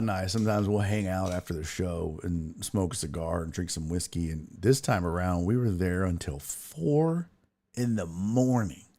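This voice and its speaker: A man hosting a sports podcast, telling a rambling, profane story in casual chat. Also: lowish voice. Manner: rambling, profane storytelling with animated quoted asides.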